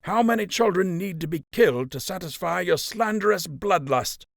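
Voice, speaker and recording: A man voicing a calm, principled male rabbit uncle, earnest and pleading. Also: high voice, moderate pace, vocal fry, no room sound, clean studio sound, voice pushed up. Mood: indignant.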